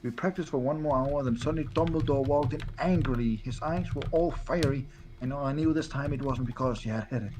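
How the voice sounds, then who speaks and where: A young man, guest on a stream, reading a fanfic aloud in a flat deadpan way. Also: mid-range voice, a little fast.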